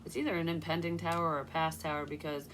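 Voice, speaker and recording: A young woman with a low voice talks her way through a casual tarot reading. She rambles from story to story and swears freely. A faint hiss of background noise sits under her voice. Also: level tone, fast. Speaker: psychic tarot reader.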